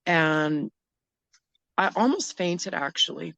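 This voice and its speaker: A middle-aged woman recounting a frightening personal story as an interview guest, halting and emotional, often restarting her sentences. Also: fairly low pitch, animated, gravelly, fairly bright tone, no room sound.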